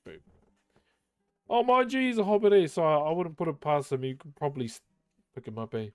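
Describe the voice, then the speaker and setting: A man, live-streaming and warmly thanking viewers. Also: fairly high pitch, lively intonation, fairly quick, smooth, no room sound, studio quality. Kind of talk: live stream chat and reading aloud.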